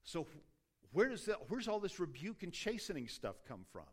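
A man's voice: high-pitched, sing-song, moderate pace, breathy edge. A middle-aged man preaching a sermon in a conversational, self-deprecating way, stopping often to restart his sentences. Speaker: pastor.

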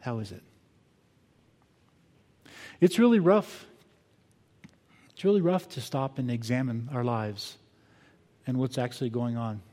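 An older man preaching a sermon as pastor, earnest and reflective, moving between quiet pauses and emphatic bursts. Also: mid-range voice. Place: church sanctuary. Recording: long hall reverb.

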